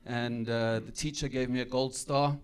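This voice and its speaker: A man's voice: mid-range voice, steady tone, normal speed, clean tone. A young man with a German-South African accent doing a chatty stand-up comedy set on a club stage. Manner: chatty, tag questions. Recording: live club with audience.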